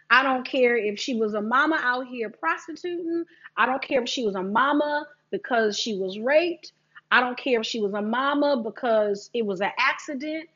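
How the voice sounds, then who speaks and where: A woman's voice: high-pitched, a bit bright, muffled recording. Emphatic woman giving a preaching testimony. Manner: emphatic, repeats phrases, leads listeners in scripture. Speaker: author sharing testimony.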